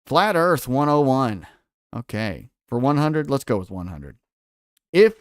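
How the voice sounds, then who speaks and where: A man's voice: mid-range voice, sing-song, a little slow, no echo, clean studio sound. A man hosting a quiz-style livestream, putting questions to his viewers and reading out their answers from the chat. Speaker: livestream host.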